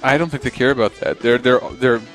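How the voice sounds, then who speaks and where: A man's voice: mid-range voice, steady tone, fairly quick. Male co-host, easy jokey banter, profane, faint music bed. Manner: joking, swearing, laughs a lot. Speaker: podcast co-host. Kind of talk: casual chat about video games.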